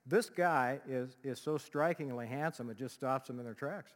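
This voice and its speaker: A male pastor preaching a sermon in an animated way, dropping to a hush and rising loud again. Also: medium pitch, moderate pace, few pauses. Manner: animated, swings from loud to hushed, acts out quotes. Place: church sanctuary. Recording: long reverb of a church hall.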